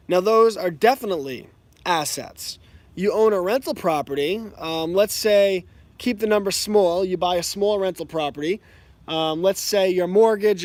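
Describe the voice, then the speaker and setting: Young male educator; frank, opinionated commentary with examples, high pitch. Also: dry recording. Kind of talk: casual commentary.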